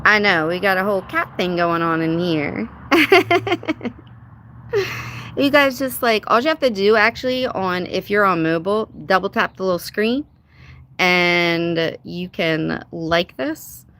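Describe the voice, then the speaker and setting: Woman live-stream host, unhurried, casual and sarcastic. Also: mid-range voice, expressive, fairly bright tone, slight background noise. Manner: chatty, laughs often, greets chat viewers by name; sarcastic, says dude and y'all. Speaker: livestream host.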